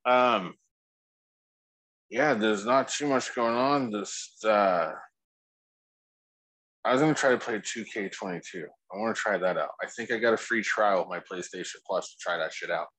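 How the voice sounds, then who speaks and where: A man's voice: on the low side, normal speed, pauses often, fairly bright tone, slightly rough, no room sound, low-quality recording. A man co-hosting a casual podcast, laid-back and rambling, swearing freely. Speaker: podcast co-host.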